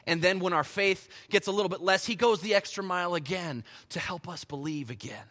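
A man preaching a sermon as pastor, telling the story with animated energy and dropping to soft, quiet stretches. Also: high-pitched, brisk. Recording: long hall reverb.

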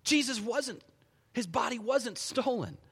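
A high, bright male preacher whose pitch leaps around as he tells his story. His animated delivery sinks now and then into soft, quiet stretches. The sound carries a long reverb, as if from a large hall. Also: measured pace, husky. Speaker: pastor. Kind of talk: sermon.

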